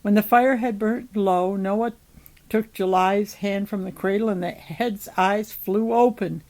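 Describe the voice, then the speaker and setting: A woman reading a novel chapter aloud in an even, measured storytelling manner. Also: medium pitch, poor audio.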